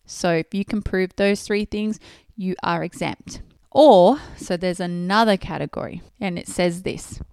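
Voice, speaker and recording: A woman's voice: on the low side, dry recording, clean studio sound. A woman from Australia, hosting a podcast and explaining rules step by step in plain terms. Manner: clear, methodical explaining with pauses to rephrase. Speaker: podcast host.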